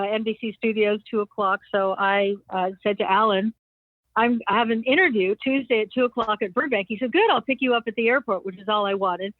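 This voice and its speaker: Older woman guest, animated storyteller, dry narrow phone-like sound. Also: fairly high pitch, dry recording. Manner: animated anecdotes, acting out others' lines with laughs. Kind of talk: storytelling interview.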